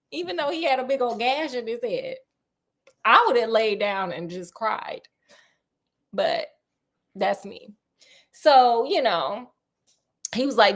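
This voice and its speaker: Casting: chatty woman storyteller, slangy and playful, a touch high. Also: expressive, slow, long pauses. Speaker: storyteller host. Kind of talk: casual retelling of a classic story.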